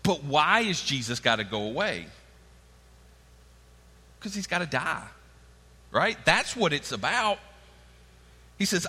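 A man's voice: fairly high pitch, big pitch swings, takes it slowly, long pauses, pushed and bright, breathy edge, big-room sound. A man preaching a sermon in a conversational way, acting out the quoted lines of the people in his stories. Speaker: pastor.

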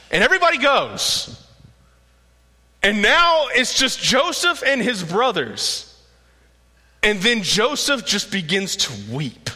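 A man preaching a sermon, telling the story with lively animation and acting out the quotes. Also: high voice, normal speed. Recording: echoey hall.

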